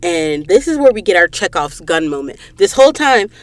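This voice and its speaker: With no echo on the recording, a woman with a lowish, very animated voice recaps a book at a moderate pace on her casual podcast, using a studio mic in a recording booth. Her retelling is emotional and dramatic, aimed straight at her listeners.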